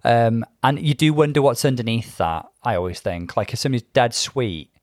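A man's voice: medium pitch, a little fast, a little mellow, dry recording, studio quality. A man chatting casually as a co-host, in a reflective, thoughtful and musing way. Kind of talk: casual chat.

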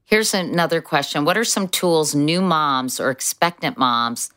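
A woman with a notably deep voice hosts the conversation. She talks in a chatty way and puts questions, some from listeners, to her guest. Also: measured pace, fairly bright tone. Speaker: interviewer host. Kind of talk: interview conversation.

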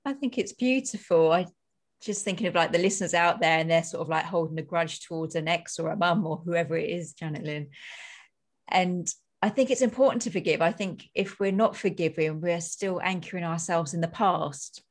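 A woman's voice: lowish voice, moderate pace. A woman podcast host talking thoughtfully in a rambling, conversational way. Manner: thoughtful, rambling, many "like" and "you know". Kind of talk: conversational interview.

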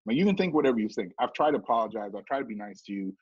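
A middle-aged man tells a story casually, swearing freely and jumping into raised voices when he acts out what others said. His voice is husky and sits close and dry. The recording has a dull, lo-fi sound. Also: mid-range voice, animated, rapid-fire, darkish tone, dry recording. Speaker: guest telling a story. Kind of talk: casual storytelling with acted quotes.

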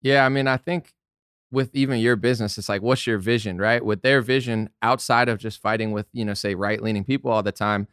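A man's voice: lowish voice, fairly even intonation, fairly quick, a bit bright, smooth, dry recording, clean studio sound. A man talking casually on a podcast, rambling with lots of "like" and "you know". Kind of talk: casual political chat.

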